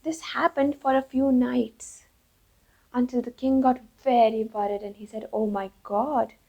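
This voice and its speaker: A woman's voice: sits high, fairly even intonation, unhurried, creaky. A woman telling a children's fable expressively, with sound effects. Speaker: storyteller. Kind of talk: children's storytelling. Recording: dull lo-fi recording.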